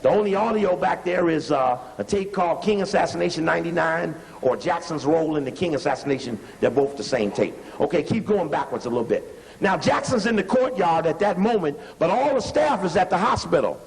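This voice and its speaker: A man giving emphatic, animated commentary over archival video, repeating points and telling someone to stop and rewind the playback. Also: on the high side, fairly quick, creaky, in a large hall, rough recording. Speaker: lecturer analyzing archival footage.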